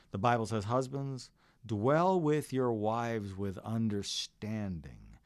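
Lively low-voiced preacher. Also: male voice, dry recording, clean studio sound. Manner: earnest, storytelling preacher who varies his delivery. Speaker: pastor. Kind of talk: sermon.

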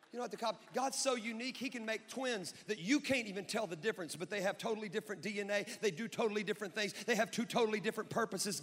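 A male pastor preaching a joking, energetic sermon that builds up to shouting. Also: high voice, in a large hall. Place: church sanctuary.

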